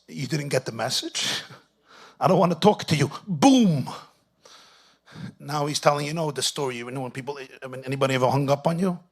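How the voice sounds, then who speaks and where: A man's voice: mid-range voice, gravelly, a bit bright. A middle-aged man, a rabbi, telling a story to an audience at a weekend gathering and mixing in Yiddish and Hebrew phrases. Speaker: rabbi speaking at a Shabbaton.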